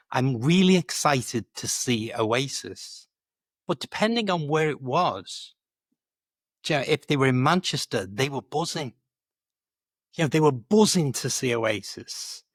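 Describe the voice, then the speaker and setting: A man who coaches English, chatting in a lively, animated way about British expressions, laughing easily and often saying "do you know". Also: on the high side, normal speed, dry recording, studio quality.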